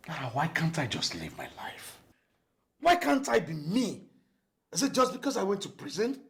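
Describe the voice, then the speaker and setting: An actor playing a frustrated male ex-convict who keeps his temper in check, gravelly and sinking to a whisper. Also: a bass voice, expressive, normal speed, a bit bright, full character voice. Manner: pained, pleading outbursts. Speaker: ex-convict mechanic.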